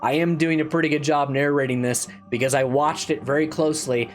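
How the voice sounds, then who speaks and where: A man's voice: on the high side, steady tone, brisk, faint music behind. A man giving a casual spoken game review, rambling and repeating himself with restarts and swearing, and getting exasperated as he complains. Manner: exasperated, rising into loud complaint.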